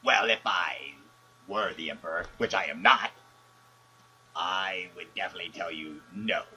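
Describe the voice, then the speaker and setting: A man voicing a lying old male Sith emperor who poses as a hero on a prank call-in skit, with low, mumbling, mock-innocent denials. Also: moderate pace, bright, forceful tone, slight background noise, exaggerated voice, poor audio. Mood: scornful.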